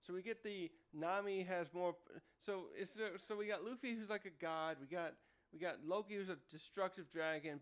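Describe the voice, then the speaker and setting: Male comic reviewer, casual and rambling, lightly high with a smooth, clear tone. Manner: rambling, with many fillers and restarts. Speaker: manga reviewer. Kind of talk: casual chat.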